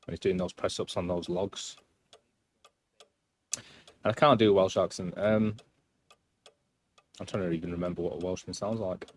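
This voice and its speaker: A man's voice: deep voice, fairly even intonation, moderate pace, long pauses, a little hiss or hum. A man doing casual gameplay commentary on a live stream, rambling and self-deprecating as he chats.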